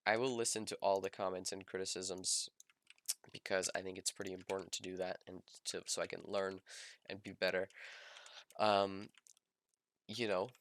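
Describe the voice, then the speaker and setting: A man's voice: lowish voice, fairly bright tone, no room sound, clean studio sound. A young man casually narrating his own project in voice-over, rambling with lots of ums and restarts and poking fun at himself. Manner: self-mocking, laid-back. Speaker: student documenting his 3D modeling project.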